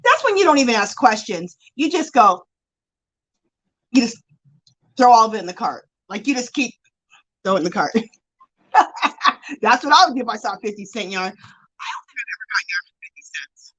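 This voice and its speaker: On a casual craft livestream, a woman with a slightly high, husky voice works on her yarn while reading viewer comments aloud and greeting people by name. She speaks at normal speed with frequent pauses, chatty and animated with gushing exclamations, though the audio is poor.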